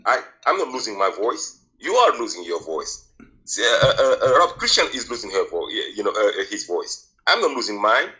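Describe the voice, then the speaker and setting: Bright, insistent male caller. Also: on the low side, big pitch swings, moderate pace, rough recording. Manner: insistent, combative, demands to finish. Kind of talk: heated call-in debate.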